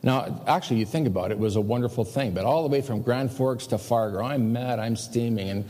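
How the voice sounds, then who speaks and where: A pastor telling a personal story in a sermon, animated and self-mocking as he confesses his own failings. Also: medium pitch, fairly quick. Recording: long hall reverb.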